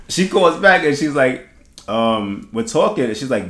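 A man hosting a podcast, telling stories in lively casual chat with slang, swearing and laughter. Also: mid-range voice, normal speed, crowd noise. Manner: animated storytelling, laughing, heavy slang and swearing. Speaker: podcast host. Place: podcast studio. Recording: echoey room.

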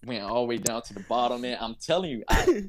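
A young man from North Carolina, a basketball player, telling a story as an interview guest in a casual, animated way, laughing and acting out the people in it. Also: mid-range voice, quick pace, a little hiss or hum. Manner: animated, laughs while telling, acts out voices.

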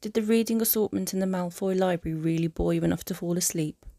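A woman voicing a remorseful young male aristocrat wizard in a fan audiobook, speaking softly and haltingly. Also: on the low side, no room sound, studio quality. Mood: dry. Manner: soft, halting confession.

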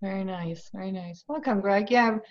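A woman hosting a podcast who introduces her guests in a friendly, measured way. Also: mid-range voice, a little mellow, highs cut off. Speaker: podcast host. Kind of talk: scripted intro, then casual chat.

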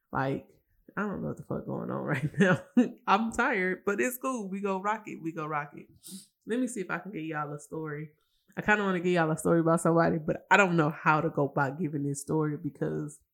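Alone on her own podcast, a tired, emotional woman rambles through a casual rant, swearing and restarting her sentences constantly. Her voice sits low and has vocal fry.

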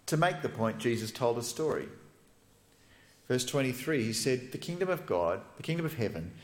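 A man preaching a sermon as a pastor, retelling a story with lively, animated delivery. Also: mid-range voice, normal speed. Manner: animated storytelling, acts out quoted characters. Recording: echoey hall.

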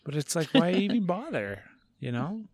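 A man's voice: high voice, sing-song, moderate pace, a little mellow, breathy edge. A man co-hosting a podcast, supportive and blunt, swearing casually. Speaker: podcast co-host. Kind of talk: casual chat.

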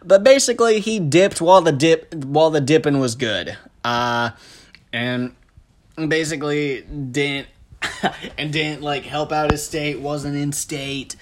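Young Midwestern male podcaster, unhurried, profane, self-deprecating. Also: on the high side. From American Midwest. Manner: rambling, self-deprecating, profane, with frequent laughs and fillers. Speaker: podcast host. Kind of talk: casual solo podcast monologue.

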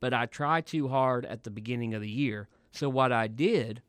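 A man's voice: medium pitch, normal speed, a bit bright, clean tone, no room sound. A man co-hosting a podcast in casual chat, joking and laughing often from a studio. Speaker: podcast co-host.

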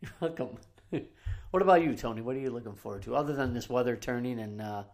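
A podcast co-host tells stories in a laid-back, profane way during casual chat. His voice sits at medium pitch and moves quickly.

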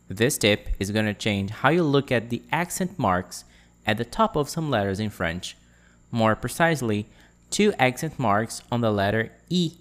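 Speaking in a mid-range voice, the podcast host works through a French pronunciation lesson, pronouncing each word clearly and repeating it for his audience to echo back.

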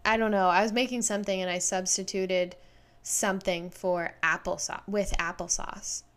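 A woman's voice: medium pitch, moderate pace, clean tone. Chatty woman podcast co-host. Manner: chatty, rambling, acts out quotes in animated bursts. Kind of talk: casual chat.

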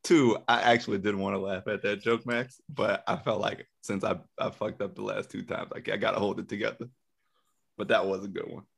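Low, gravelly, animated man. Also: fairly quick. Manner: animated, defensive. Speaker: podcast co-host. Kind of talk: joking banter.

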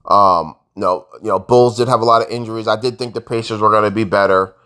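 A man ranting casually as a sports fan vlogger, frustrated, jumping between loud outbursts and low mutters. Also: steady tone, fairly quick.

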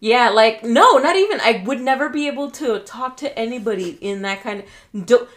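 A woman's voice: on the high side, expressive, moderate pace. Blunt, swearing woman co-host. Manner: blunt, swears freely, laughs often. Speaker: podcast co-host. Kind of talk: casual chat.

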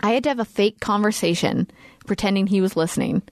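A woman's voice: medium pitch, quick pace, a little mellow, no echo. A woman in her thirties hosts a casual podcast chat, her voice sitting in an ordinary middle register. She tells personal stories candidly and with animation, laughing often. The sound is close and dry, with no room around it. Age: 30s. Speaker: podcast host.

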